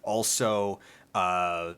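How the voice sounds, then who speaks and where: Low-voiced man rambling casually. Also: steady tone, extremely slow, a bit bright. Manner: demonstrates vocal fry and pitch, many restarts. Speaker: host. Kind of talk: casual chat while streaming a game.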